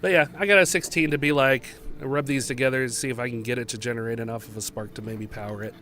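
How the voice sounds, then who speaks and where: A man's voice: medium pitch, steady tone, fast talker, sharp tone. A man playing in a tabletop game, laid-back and chuckling as he talks. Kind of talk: casual tabletop game play.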